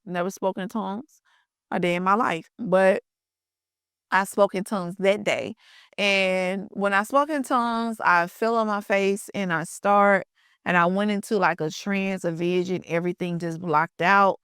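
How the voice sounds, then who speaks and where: A woman telling her own story in a relaxed, chatty way, speaking to her listeners as y'all. Her voice is smooth and resonant, with a mid-range pitch. The sound is dry and close, with no room echo. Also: a little slow. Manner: conversational, addresses listeners as y'all, colloquial grammar. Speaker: podcast host sharing her testimony. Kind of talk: casual personal storytelling.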